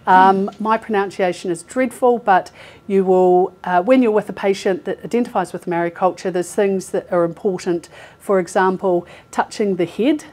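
A woman's voice: medium pitch, normal speed, darkish tone. Chatty woman presenting to an audience. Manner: chatty, laughs often, many fillers. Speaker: healthcare recruiter presenting. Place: meeting room with a live audience.

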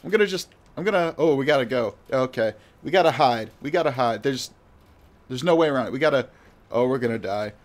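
A man's voice: mid-range voice, animated, fast talker. A man giving live gameplay commentary in a rambling, flustered, self-mocking way. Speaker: gamer.

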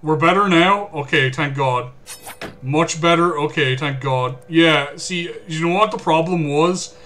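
A man streaming a horror game, cursing and yelling at the game in exasperation. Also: fairly high pitch, measured pace. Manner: swearing, exasperated outbursts at the game. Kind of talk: casual gameplay commentary.

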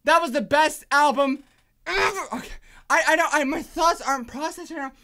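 A woman reacting to a song in a vlog, shouting, swearing and near tears with excitement. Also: high-pitched, moderate pace. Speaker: reaction vlogger. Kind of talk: music reaction video.

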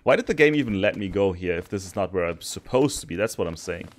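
A man commentating his own gameplay, cursing in frustration and swinging between loud outbursts and low muttering. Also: animated, fast talker, slight background noise. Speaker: gaming streamer. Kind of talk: let's play commentary.

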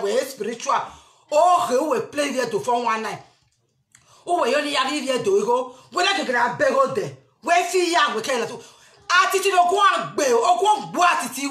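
A Nigerian woman giving an impassioned, emphatic rant to camera as a spiritual vlogger, often bursting into shouts. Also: high voice, roomy sound.

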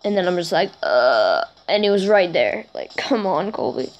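A woman giving chatty let's play commentary for her gaming channel, getting excited and keeping on apologizing for freaking out. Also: fairly quick, lo-fi sound. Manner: excitable and chatty, jumps to high squeals over goals; self-conscious, keeps apologizing for freaking out.

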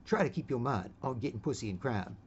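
A man's voice: mid-range voice, lively intonation, fast, slightly rough, dull audio. A man imitating a rowdy male rapper, chanting lines in an emphatic rap delivery. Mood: aggressive.

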